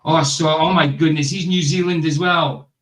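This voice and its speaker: A man from Wales hosting a casual livestream chat, excitable and quick to laugh and apologise. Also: on the high side. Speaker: livestream host. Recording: noisy stream mic with clicks.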